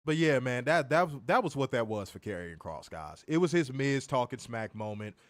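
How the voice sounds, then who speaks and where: A man's voice: medium pitch, big pitch swings, moderate pace, no echo, studio quality. A man with a Chicago accent hosting a casual wrestling review show, ranting and swearing in heated bursts. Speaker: podcast host.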